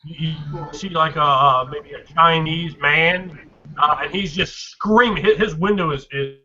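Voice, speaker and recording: Game master, man, sharp bright voice, halting delivery; dull lo-fi recording with faint hiss. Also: on the high side. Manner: halting, many fillers and restarts while describing scenes. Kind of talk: narrating a tabletop game.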